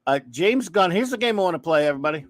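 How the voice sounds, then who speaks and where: A man's voice: high voice, expressive, racing, no room sound. A man hosting a casual live chat show, ranting and breaking off to read viewer comments aloud. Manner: ranting, restarting sentences, reading chat aloud. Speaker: host.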